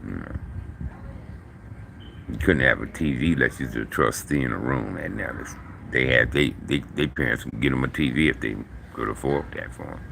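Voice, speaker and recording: A middle-aged man telling stories casually in a profane, slangy, animated way. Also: extremely low pitch, moderate pace, gravelly, slight background noise. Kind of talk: casual storytelling.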